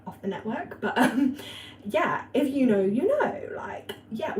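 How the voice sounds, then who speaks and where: A woman's voice: medium pitch, mellow. Young woman rambling on a livestream, lots of likes and ums, roomy echo, bit of background hum. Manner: chatty, rambling, lots of fillers and laughs. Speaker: astrology and spirituality livestream host. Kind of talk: casual livestream chat reading viewer comments. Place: warm indoor room at home. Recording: echoey room with faint ambient noise.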